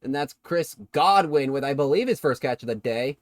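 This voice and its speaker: A man streaming himself calling a football video game play-by-play in a casual way, correcting himself and bursting with excitement on big plays. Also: mid-range voice, normal speed, no room sound, studio quality.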